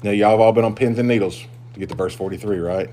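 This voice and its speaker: A male pastor with a lowish voice preaches fast to his congregation, with a little hiss or hum in the recording. His emphatic sermon swings from loud, driving declarations down to hushed, confiding asides.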